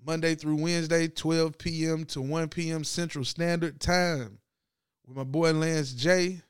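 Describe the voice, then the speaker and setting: A man hosting his own podcast, talking sports in a loose, slangy monologue that swings from loud to low and subdued. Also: fairly even intonation, measured pace, clean tone, no echo, studio quality. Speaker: podcast host. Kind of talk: casual sports talk monologue.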